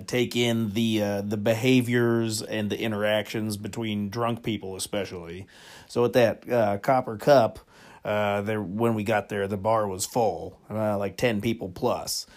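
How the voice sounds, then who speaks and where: A man hosts a comedy podcast, telling rambling stories in a monologue with frequent chuckles and lots of fillers. His voice is fairly low, with fairly even intonation and a measured pace.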